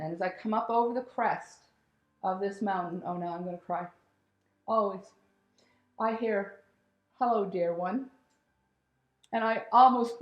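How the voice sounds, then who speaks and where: A woman telling a personal spiritual story in a candid, animated way, swearing casually and laughing as she goes. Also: mid-range voice. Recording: roomy echo.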